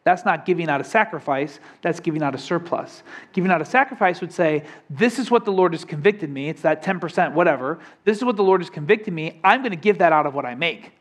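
A man's voice: on the high side, expressive, fast talker, hardly any pauses. A young adult man preaching a sermon in a conversational way, often asking the congregation questions. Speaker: pastor.

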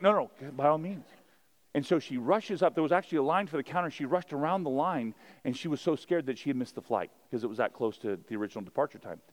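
Male pastor at the pulpit, mid-pitched, chatty storyteller who builds to preached emphasis. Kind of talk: sermon.

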